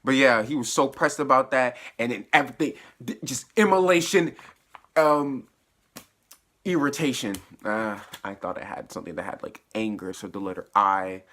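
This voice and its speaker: A man with a sharp, bright voice talks through a TV episode in a loose, chatty recap. He drops slang and breaks into excited bursts as he retells the scenes. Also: mid-range voice, normal speed. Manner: laughs and uses slang while recapping. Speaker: TV episode reviewer. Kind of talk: casual spoiler recap.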